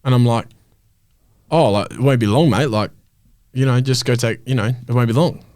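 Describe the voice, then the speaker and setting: A man's voice: mid-range voice, normal speed, darkish tone, no echo, studio quality. A young man, a podcast co-host, ranting in casual chat and swearing a lot. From Australia.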